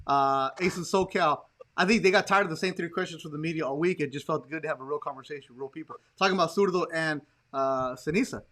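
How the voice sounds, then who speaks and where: A man hosting a casual podcast chat, telling stories in an animated way and acting out the people he quotes. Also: on the high side, fast. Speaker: podcast host.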